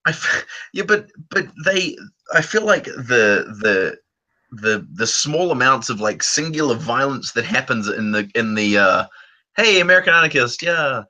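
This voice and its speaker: A man with a very bright, sharp-edged voice hosts a relaxed conversation. He rambles, trips over his own restarts and rushes through long stories. His pitch sits in an ordinary middle range. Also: rough recording. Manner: rambling, restarts sentences, laughs while talking. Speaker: channel host. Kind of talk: casual chat.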